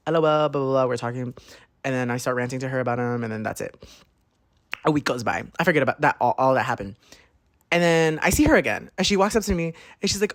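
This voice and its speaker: A young man hosting a podcast, telling a story in an animated, gossipy way, swearing often and saying "like" constantly. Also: mid-range voice, fast talker. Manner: animated, gossipy, profane, heavy use of "like". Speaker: podcast host. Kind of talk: casual storytime monologue.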